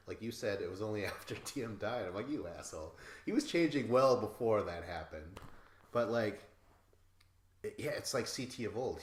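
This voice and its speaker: A man co-hosting a podcast, casually recapping a reality show in a lively way and imitating the cast members. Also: lowish voice, echoey room, slight background noise. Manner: animated, mimics cast members with laughs. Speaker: podcast co-host.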